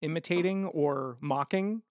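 A man co-hosting a podcast in casual chat, giving measured explanations with dry, wry remarks. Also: fairly high pitch, no room sound. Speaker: podcast co-host.

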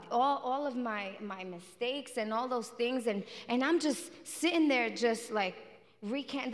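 Woman preacher, raised voice, impassioned testimony, long church reverb. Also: on the high side. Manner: impassioned testimony, repeats phrases. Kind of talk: sermon. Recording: reverberant hall.

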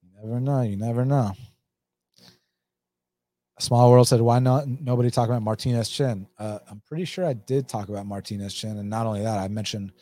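Talking fast with hardly any pauses, this American livestream host has a lowish, warm voice and a Southern Atlanta accent. He keeps things casual, reading chat messages out loud, laughing often and swearing as he responds. There's no echo on the recording.

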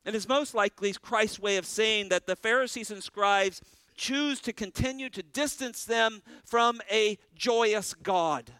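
A man's voice: sits high, measured pace, few pauses, pushed and bright, smooth, no room sound, clean studio sound. A man preaching a sermon as pastor, earnest, with a rising and falling preaching cadence.

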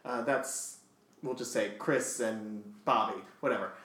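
A man's voice: medium pitch, a little slow. A man on a podcast telling a funny story in a casual way, laughing and acting out voices as he goes. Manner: animated, laughing, acts out voices in his stories. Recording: echoey room.

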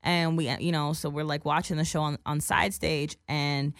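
A young woman casually telling a story in a profane, animated way, acting out other people's lines as she goes. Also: low-pitched, moderate pace, no echo, clean studio sound.

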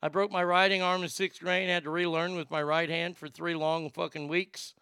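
A man's voice: a little high, level tone, brisk, sharp tone, clean tone, no echo. A man hosting a comedic talk show, ranting in a profane, sarcastic way into a close studio mic. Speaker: host.

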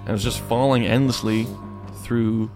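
A man's voice: medium pitch, flat delivery, over music. A man co-hosting a casual podcast, cracking crude jokes and often stopping to restart his sentences. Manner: crude joking, halting. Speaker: podcast co-host.

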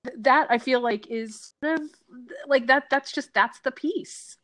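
A woman co-hosting a podcast in casual chat, earnest and insistent, with halting restarts. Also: high voice, a bit bright. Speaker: podcast co-host.

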